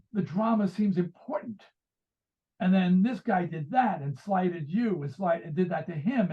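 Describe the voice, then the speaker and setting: A man in his sixties from the United States, a guest author and musician, telling rambling stories and acting out quoted dialogue. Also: high voice. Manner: rambling storyteller who acts out quoted dialogue. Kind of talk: casual interview conversation. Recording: tinny phone-like remote line.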